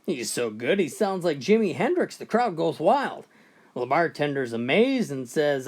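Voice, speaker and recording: A man's voice: fairly high pitch, sing-song, normal speed, darkish tone. A man telling a string of bar jokes in a folksy storytelling manner, often starting with "well". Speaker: joke teller.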